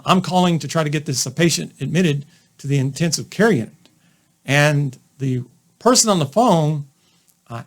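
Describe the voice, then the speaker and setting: Male doctor-comic, gravelly voice, pitched a bit high, conversational routine. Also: fairly bright tone. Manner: folksy, conversational, acts out patient quotes. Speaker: doctor doing standup. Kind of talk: standup routine about medicine.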